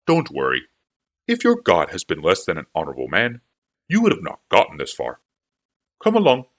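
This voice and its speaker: A man voicing a gruff bearded scholar with a low, rumbling voice and a pitch that rises and falls wildly. His speech is blunt and clipped and hearty. The performance has an audiobook storytelling feel. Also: wildly swooping pitch, moderate pace, heavily acted. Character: gruff, bearded, lame older male scholar.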